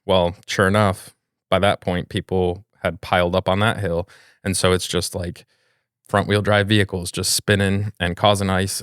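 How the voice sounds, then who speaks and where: A man's voice: deep voice, a bit bright, no echo, clean studio sound. A man from New York co-hosting a podcast, talking in a casual, blunt, ranting way and swearing freely. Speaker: podcast co-host. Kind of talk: casual chat.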